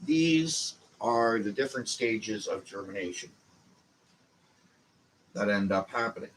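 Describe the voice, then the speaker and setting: Slow, low-voiced Canadian man teaching. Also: expressive, a little hiss or hum, low-quality recording. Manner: slow, meandering, with frequent fillers. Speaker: channel host teaching a growing class. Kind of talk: casual instructional talk.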